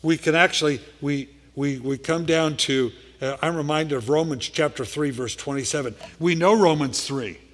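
A male pastor preaching a sermon. He talks conversationally, checks in with "okay?", and swings from loud emphasis to quiet asides. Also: fairly high pitch, moderate pace, hardly any pauses. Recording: reverberant hall.

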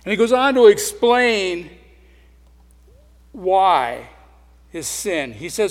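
High-voiced man preaching in echoing hall. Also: animated, unhurried. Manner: earnest, swings between loud emphasis and quiet, soft asides. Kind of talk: sermon. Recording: long reverb of a large hall.

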